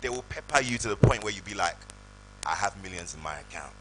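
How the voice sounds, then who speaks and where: A man, telling animated stories on stage at a live event. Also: low voice, fast, heavy background noise. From United Kingdom. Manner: animated, acts out voices in anecdotes. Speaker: guest actor. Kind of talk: storytelling on stage. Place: live event hall with audience.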